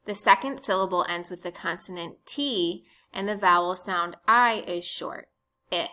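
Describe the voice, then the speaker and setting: A woman teacher giving a recorded phonics lesson, speaking clearly and spelling words out letter by letter. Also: fairly low pitch, moderate pace, bright, forceful tone.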